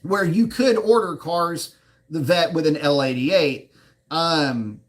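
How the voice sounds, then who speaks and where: A man's voice: fairly high pitch, slow. Rambling, frank live-chat man. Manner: rambling, frank, with many fillers and restarts. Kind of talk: casual live chat answering viewer questions.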